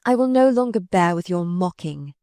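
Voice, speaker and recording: A woman's voice: on the low side, expressive, normal speed, mellow, no room sound, studio quality. A woman reading aloud voices a pious, spirited young noblewoman who pleads with fervent conviction. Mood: weary.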